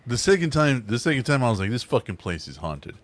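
A man's voice: mid-range voice, fast. A man hosting a casual podcast, telling stories with lots of swearing and acting out what people said. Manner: animated storyteller, swears often, acts out quoted voices. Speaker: podcast host.

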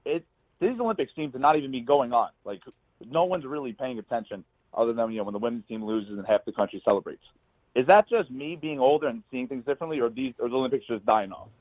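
A man in his twenties calling in to a talk show, musing quickly. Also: medium pitch, dry recording. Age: 20s. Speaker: caller. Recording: tinny dry phone line.

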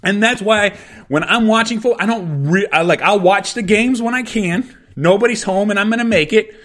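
Man, middle-aged, high voice, podcast host, angry profane rant, repetitive. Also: normal speed, a bit bright. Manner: angry, swearing constantly, repeating himself.

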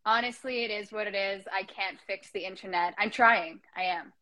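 A young woman hosting a casual video chat, playful and quick to laugh. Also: mid-range voice, sharp tone. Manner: playful, chatty, laughs often. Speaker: host.

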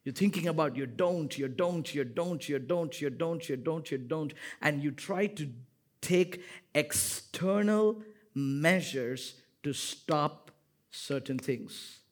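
A man preaching a sermon, building repeated lines to loud emphatic peaks and dropping to quiet asides, with some playful banter with the congregation. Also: on the high side, slow pace. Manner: repetitive rhetorical cadence. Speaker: pastor.

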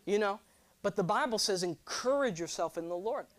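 A young man preaching a sermon, animated and joking, drawing responses from his congregation. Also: sits high, normal speed. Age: 20s. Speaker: pastor.

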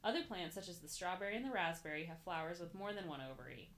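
A woman's voice: fairly low pitch, expressive, quick pace, a bit bright, slight background noise. A young woman co-hosting a casual podcast, giggling and stumbling over words as she reads an article aloud. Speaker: podcast co-host.

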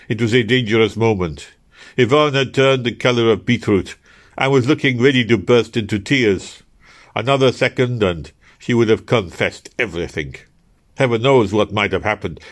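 A man reading an audiobook, telling a first-person tale in a theatrical way and turning to address his listeners. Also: fairly low pitch. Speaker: audiobook narrator.

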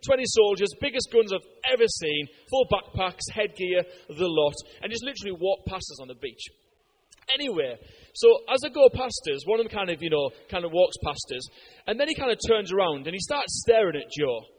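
With a high-pitched voice and a fairly quick pace, an Englishman from Britain delivers a sermon like a conversation. He spins anecdotes energetically, dotting his speech with fillers.

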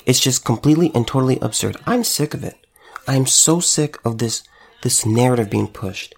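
Man, store owner, impassioned monologue, emphatic, repetitive, husky, gravelly. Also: medium pitch, lively intonation, normal speed, darkish tone. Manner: emphatic, repeats phrases for stress.

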